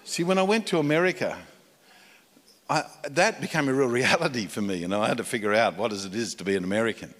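An Australian man, a pastor, preaching a conversational sermon that swings from loud emphatic peaks to quiet low asides. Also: fast. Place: church. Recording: long hall reverb in a church.

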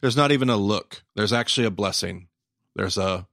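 A man's voice: fairly low pitch, normal speed, vocal fry, fairly bright tone, dry recording, clean studio sound. A man co-hosting a casual podcast discussion, reflective and wry with emphatic turns. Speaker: podcast co-host, Bible teacher.

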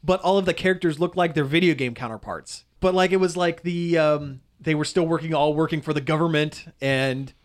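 A male radio host in casual chat, his voice sitting a little higher than most men's. He rambles through fillers and laughs often as he talks. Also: a little fast, few pauses.

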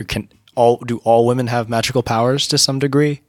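A man acting as game master, leading a casual planning chat for a tabletop game and thinking aloud with halting restarts. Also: medium pitch, fairly even intonation, dry recording, clean studio sound.

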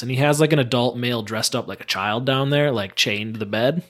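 A man's voice: on the low side, animated, fast, hardly any pauses, a bit bright. A man who is a podcast guest, rambling eagerly through a long story and acting out the lines of the people in it. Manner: rambling enthusiastic storyteller, acts out quotes. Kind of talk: casual chat.

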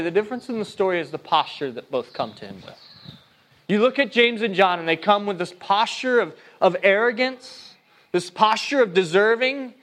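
A man preaching a sermon in a casual, conversational way, reading scripture aloud and acting out the quoted lines. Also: slight background noise. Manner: conversational, animated, voices quotes in a higher pitch.

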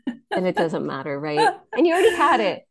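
A woman's voice: fairly low pitch, huge pitch swings, fast talker, over a noisy crowd. A woman co-hosting a podcast in casual chat. She is easygoing and agreeable and laughs along with her partner. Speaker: podcast co-host.

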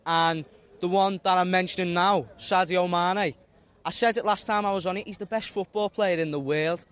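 A man putting on an excitable, irate male football fan with a Scouse accent, his pitch climbing higher and higher. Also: normal speed, smooth. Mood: insistent, irate.

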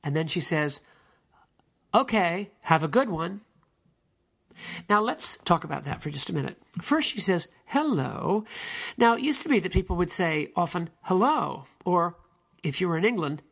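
A man's voice: fairly high pitch, bright, forceful tone. A man giving a spoken lecture on language in a musing, digressive way, now and then mimicking how people intonate.

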